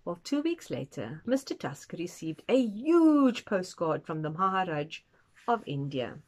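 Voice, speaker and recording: A woman reading a children's picture book aloud, expressive and adding asides for young listeners. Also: fairly low pitch, unhurried. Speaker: storytime reader.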